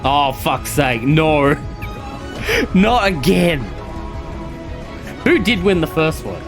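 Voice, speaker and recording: A man streaming a game, chatting casually with viewers, animated and cursing freely. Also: fairly high pitch, slow pace, music in the background. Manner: animated, swearing, laughing at the game. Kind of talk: casual live-stream chat.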